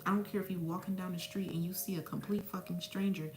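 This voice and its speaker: A woman's voice: fairly low pitch, fairly even intonation, fast, a little mellow. A woman spiritual mentor giving a blunt, profane, preachy motivational talk. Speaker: spiritual mentor and psychic medium. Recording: echoey room, faint music behind.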